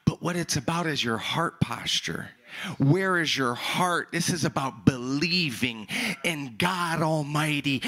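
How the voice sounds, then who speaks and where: A male pastor preaching a sermon in an animated way, repeating words and breaking into shouts. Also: a little high, measured pace.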